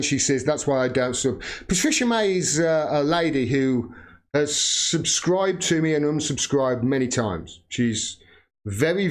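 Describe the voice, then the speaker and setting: A man delivering a heated political rant to his viewers, swearing and lashing out. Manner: heated, swearing, rising to shouting pitch. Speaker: political commentator. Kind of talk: angry political rant to camera.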